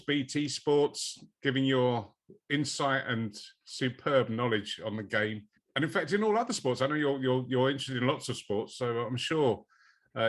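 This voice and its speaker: A man hosts a casual interview, his voice sitting at an ordinary middle pitch. He asks questions in a friendly, easygoing way.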